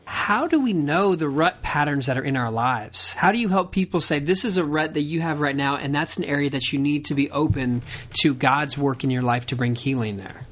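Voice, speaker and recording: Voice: medium pitch, normal speed, few pauses, fairly bright tone. Interviewer asking thoughtful questions.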